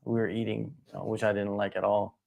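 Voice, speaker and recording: A man's voice: on the low side, flat delivery, fast talker, gravelly, a little mellow, highs cut off. A man hosting a casual sports news chat, laid-back and fond of saying "you know what I mean". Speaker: host of MMA news show.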